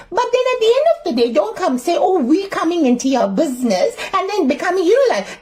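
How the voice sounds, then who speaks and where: A blunt, nosy auntie with a South African Indian accent, as a woman puts her on, scolding with crude sayings. The voice sits high and swoops all over, yet the tone stays mellow and dark. A comic advice monologue. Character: bossy middle-aged auntie, blunt, nosy. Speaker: advice segment character.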